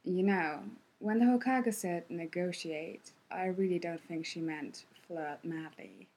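A woman reading fan fiction, voicing a teasing male ninja team leader in soft, low murmurs, as whispered role-play. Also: measured pace, breathy edge.

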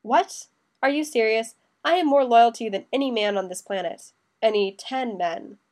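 A brash, restless young man with a quick, defensive, growling way of talking, as a woman reads him. He sounds sharp-tongued and fiercely loyal, in an audiobook. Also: a little high, close to an everyday voice. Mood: offended.

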